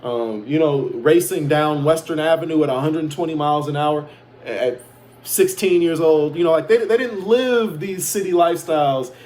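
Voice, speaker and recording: Speaking at a normal speed with a fairly high, somewhat mellow tone, the Chicago man calling himself a prophet vlogs a loose, casual monologue. It's all bragging and ranting, laced with curses and plenty of defiance.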